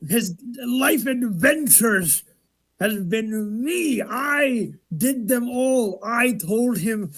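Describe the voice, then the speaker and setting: A man's voice: high-pitched, animated, slow pace, exaggerated voice. A man performing as a boastful vampire who claims Dracula's deeds, in a grandiose theatrical monologue. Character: boastful secret vampire rival of Dracula, male. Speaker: improv performer. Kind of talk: live improv monologue.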